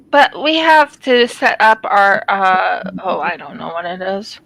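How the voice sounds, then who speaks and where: Brief: chatty woman craft vlogger, rambling and casual, bright tone, dry close sound. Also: medium pitch, unhurried, vocal fry, hardly any pauses, no room sound, poor audio. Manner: rambling, chatty, many ums and restarts. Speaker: craft channel host. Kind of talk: casual chat while diamond painting.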